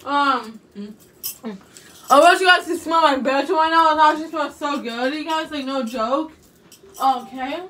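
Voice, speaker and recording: A woman's voice: high voice, unhurried, sharp tone, far from the mic. A young woman vlogging casually from her bedroom, rambling and repeating "you guys" over and over. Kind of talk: casual chat to camera.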